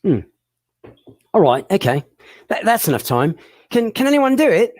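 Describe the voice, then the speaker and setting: A very animated, slightly mellow mid-range voice moves at a moderate pace in an echo-free recording. Presenting a children's educational show, the performer is playful and supportive, laughing regularly and speaking directly to the audience through questions.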